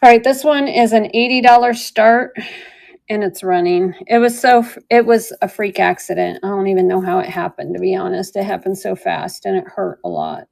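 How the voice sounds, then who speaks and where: A woman's voice: mid-range voice, fairly even intonation, moderate pace, creaky, darkish tone. A woman casually chatting while selling jewelry live, telling a rambling story with lots of fillers. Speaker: online jewelry seller. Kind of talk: casual live-sale chat.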